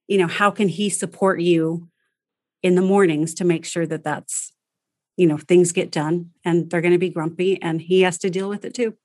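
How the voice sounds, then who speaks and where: A woman's voice: lowish voice, no room sound, studio quality. Direct, practical woman coaching a parent. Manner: direct, practical, lively delivery. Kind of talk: coaching conversation.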